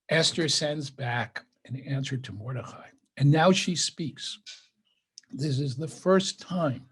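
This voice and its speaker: A man's voice: fairly high pitch, takes it slowly, slightly rough. An older man, a rabbi, teaching a scripture lesson over a video call, reading passages aloud and then explaining them conversationally. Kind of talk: scripture study lecture.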